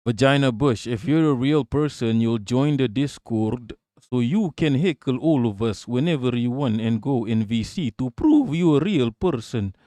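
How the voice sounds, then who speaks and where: A man's voice: medium pitch, expressive, moderate pace, mellow, no room sound. Profane man riffing on live chat. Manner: profane, rambling, answers chat off the cuff. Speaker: livestream host. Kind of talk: casual livestream chat reading viewer comments.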